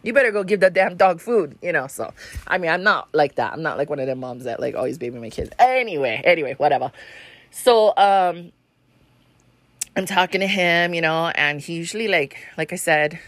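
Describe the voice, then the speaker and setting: Low-voiced Hawaiian Pidgin-tinged woman rambling. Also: expressive, normal speed, no room sound. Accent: Hawaiian Pidgin-tinged English. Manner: rambling, profane, laughs often. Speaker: podcast host. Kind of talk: casual storytelling monologue.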